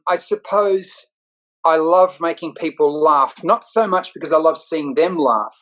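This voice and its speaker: A man speaks as an interview guest, with a comedian's quick, punchy timing. His talk turns self-deprecating as he answers openly about himself. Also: on the high side, fairly bright tone, poor audio. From Australia.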